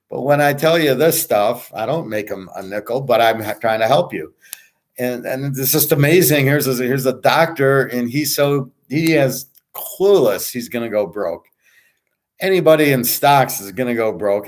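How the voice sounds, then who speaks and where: A middle-aged man ranting casually as a sports-picks host, blunt, boastful and profane, rambling from one point to the next. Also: mid-range voice. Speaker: sports betting tipster and host.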